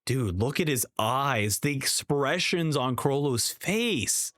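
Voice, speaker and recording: A man's voice: medium pitch, lively intonation, slow pace, fairly bright tone, no echo, clean studio sound. A young man reacting to an anime episode, reading the subtitles aloud and narrating each scene, often stopping to correct himself. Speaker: reaction streamer.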